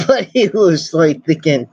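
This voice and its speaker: Giggly, slow-talking man with a dull, dry sound. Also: fairly high pitch, lively intonation, a little mellow, breathy edge, no room sound. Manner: giggly, laughs constantly between phrases. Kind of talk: casual chat.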